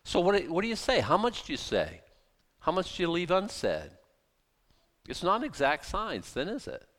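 A man preaching with a lively, swinging voice that climbs into emphatic bursts and drops back to quiet, earnest stretches. He repeats and restarts his phrases as he drives each point home, in the manner of a pastor addressing his congregation. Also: high voice, moderate pace. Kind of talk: sermon.

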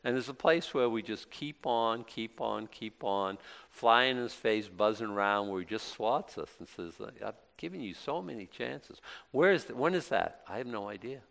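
A man delivers a sermon in a relaxed, conversational way. He asks questions and answers them himself, often breaking into emphatic bursts before dropping back to a softer tone. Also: fairly low pitch, moderate pace, hardly any pauses, smooth. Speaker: pastor.

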